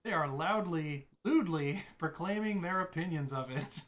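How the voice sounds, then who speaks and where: A woman narrating as game master of a tabletop game, talking casually and halting now and then. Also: deep voice, animated.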